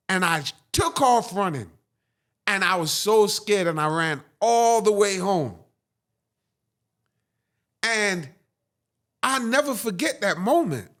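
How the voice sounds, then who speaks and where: High-pitched animated man telling a story. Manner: animated, dramatic storytelling, frequent "right?". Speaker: guest. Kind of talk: storytelling interview.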